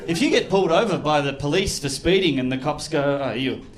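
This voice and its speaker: An Australian man performing a stand-up comedy set on a club stage, animated and slipping into loud put-on voices. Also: a little high, brisk. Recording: live club recording with crowd noise. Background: audience laughter.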